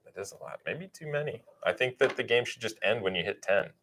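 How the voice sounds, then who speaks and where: A man with a fairly low voice co-hosting a livestream. He teases the others in laid-back banter and laughs easily. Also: lively intonation, fast talker, a bit bright, slight background noise. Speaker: livestream co-host. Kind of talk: casual chat.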